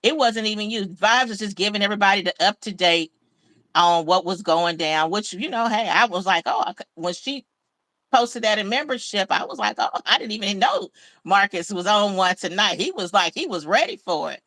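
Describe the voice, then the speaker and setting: A woman's voice: medium pitch, animated, moderate pace, fairly bright tone, dry recording, poor audio. A middle-aged woman chatting and gossiping on a casual livestream.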